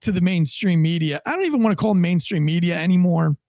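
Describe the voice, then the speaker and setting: A man's voice: high-pitched, animated, fast talker, a little mellow, no room sound. A man, a former police officer, co-hosting a podcast in a rambling, casual way with many restarts. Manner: rambling, restarts a lot, acts out quoted tones.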